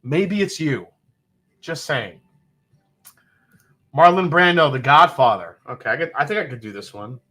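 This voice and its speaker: Stream host: lively, bright male voice, loose and profane. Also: mid-range voice, moderate pace, pauses often. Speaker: livestream host. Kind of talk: casual live chat.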